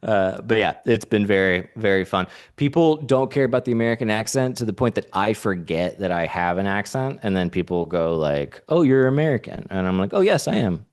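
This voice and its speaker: An American man from California, co-hosting a podcast and telling a story in casual chat, animated and slipping into voices of the people he met. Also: fairly low pitch, fairly quick, hardly any pauses, clear, resonant tone. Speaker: podcast co-host. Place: remote call.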